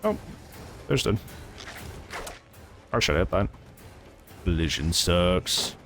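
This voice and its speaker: A man's voice: low-pitched, very animated, takes it slowly, fairly bright tone, faint music behind. A man streaming a game live, chatting casually with his viewers and reacting to the match as it plays. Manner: chatty, reacts and laughs often, greets chat. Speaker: gaming streamer. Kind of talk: live gameplay commentary.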